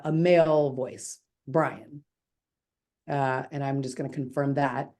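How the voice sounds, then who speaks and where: A woman walks viewers through a software demo on a video call. Her voice sits low and mellow. She talks in a chatty, upbeat way, with quick self-corrections. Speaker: webinar presenter demoing software. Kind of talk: live product demo.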